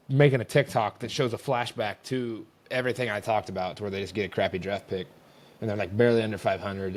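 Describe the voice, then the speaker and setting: A young man with a somewhat low voice vents in a casual, rambling rant. He sounds exasperated and fed up, talking off the cuff with restarts and sighs. It comes across as an unscripted host talking to his viewers.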